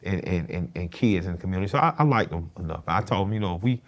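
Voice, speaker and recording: A man's voice: low voice, expressive, fast. A middle-aged man, a guest in an interview, telling a personal story in a plain-spoken, earnest way and swearing casually.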